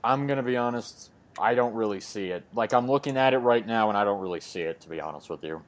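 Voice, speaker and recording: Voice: medium pitch, fast. A podcast host recapping a comic book in a rambling way, full of fillers. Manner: rambling, many fillers and restarts.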